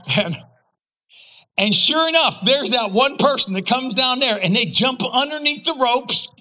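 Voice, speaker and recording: A man preaching a sermon as pastor, telling a story with humor and sudden loud outbursts. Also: very high-pitched, lively intonation, measured pace, poor audio.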